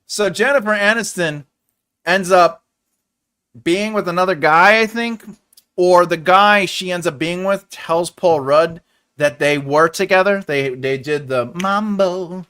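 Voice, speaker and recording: With a high, sharp, clear and resonant voice, this writing-channel streamer talks unhurriedly to his live audience. He reads out comments and rambles in a playful way, repeating phrases for amusement.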